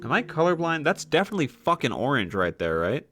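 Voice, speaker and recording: A man's voice: mid-range voice, very animated, fast talker, fairly bright tone, faint music behind. Man, game streamer at his home desk; casual, joking, heavy swearing. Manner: rambling, joking, swears often. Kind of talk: casual live-stream gaming chat.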